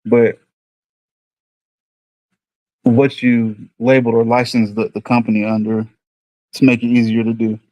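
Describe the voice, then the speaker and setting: A man's voice: mid-range voice, level tone, a little slow, long pauses, a little mellow, no room sound. A man with a New York accent chatting casually with viewers on a livestream. He rambles and thinks aloud in an easygoing way. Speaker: livestream host.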